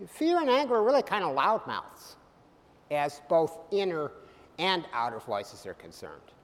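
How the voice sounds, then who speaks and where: Man preaching, high-pitched, lively, joking asides, loud then soft, long hall echo. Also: unhurried. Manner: animated, with sudden loud bursts and soft drops; humorous asides. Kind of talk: sermon. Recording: hall reverb.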